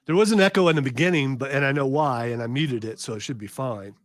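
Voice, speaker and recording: A man hosting a live talk radio show, reading news out loud and joking, stumbling over long names. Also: medium pitch, fast, no echo. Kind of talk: casual live radio chat.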